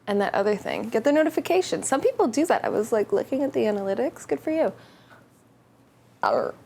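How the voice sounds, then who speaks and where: A woman's voice: a little high, lively intonation, fast, vocal fry, warm tone, slight background noise. Playful woman vlogging from her bakery. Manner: playful, jokey. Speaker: baking vlogger. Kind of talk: casual chat. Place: home bakery. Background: background music.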